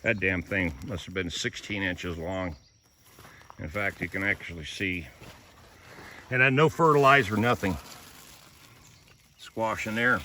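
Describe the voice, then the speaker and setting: A man's voice: sits low, measured pace, pauses often, pushed and bright, a little hiss or hum. A man vlogging casually, walking through his garden and telling folksy stories. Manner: folksy storyteller. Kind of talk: casual vlog walk-through. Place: rural garden outdoors.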